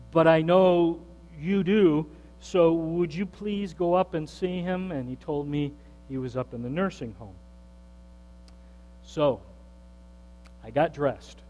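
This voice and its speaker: A man, a pastor, telling a story in a sermon with a conversational manner that turns animated when he quotes others. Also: a little high, highs cut off. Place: church sanctuary. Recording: long hall reverb with mains hum.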